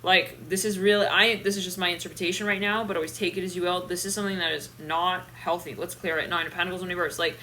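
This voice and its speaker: Bright-voiced woman giving a tarot reading. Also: on the low side, quick pace, few pauses, slight background noise. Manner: animated, laughing, swearing, thinking aloud. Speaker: tarot reader.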